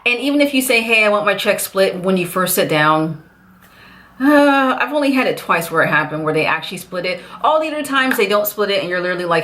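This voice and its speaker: Chatty American woman vlogging. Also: on the low side. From United States. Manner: chatty, animated, jumps into voices. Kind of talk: casual chat to camera.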